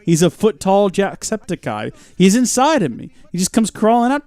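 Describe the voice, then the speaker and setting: A young man streaming a video game live, chatting and joking with his audience as he plays, with sudden bursts of mock shouting. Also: high voice, big pitch swings, normal speed, clean tone, no echo. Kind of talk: live gameplay commentary.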